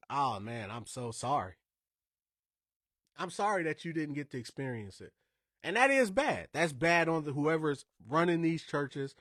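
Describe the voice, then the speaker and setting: Male podcast host from Indiana, casual and emphatic, slightly high voice, dry studio sound. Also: a bit bright, no room sound. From Indiana, USA. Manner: emphatic, conversational, wandering asides.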